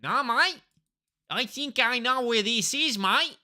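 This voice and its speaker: A man's voice: very high voice, animated, takes it slowly, bright, forceful tone, voice pushed up, exaggerated voice. A man putting on an exaggerated mock Australian accent as a joke bloke during a livestream, hammy and repeating mate. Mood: excited. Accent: put-on Australian.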